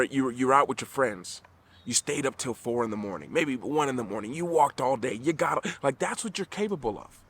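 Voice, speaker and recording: A man's voice: mid-range voice, fairly bright tone. A middle-aged man giving an earnest motivational talk to camera, emphatic, often restarting his sentences. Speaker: vlogger.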